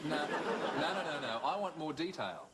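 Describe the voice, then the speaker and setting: A man's voice: fairly high pitch, lively intonation, moderate pace, lightly acted. A man playing a middle-aged sitcom father who frets and cracks jokes at his kids, his voice leaping up and down with exasperation. Heavy hiss sits under the old TV recording. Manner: exasperated, quipping. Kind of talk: sitcom acting. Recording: old TV tape with loud hiss.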